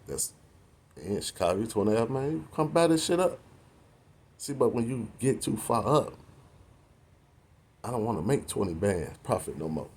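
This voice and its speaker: A man's voice: lowish voice, animated, moderate pace, long pauses, a little mellow, breathy edge. A man in his forties delivering a preachy, confrontational rant to the camera, full of slang and cursing. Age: 40s. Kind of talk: profane street-talk rant to the camera.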